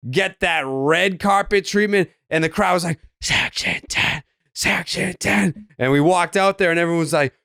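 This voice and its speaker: Hyped high-voiced man hosting a podcast. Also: brisk, few pauses, fairly bright tone, clear, resonant tone, no echo, studio quality. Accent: Boston. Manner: hyped, joking, teasing storyteller. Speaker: podcast host. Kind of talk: casual sports podcast banter.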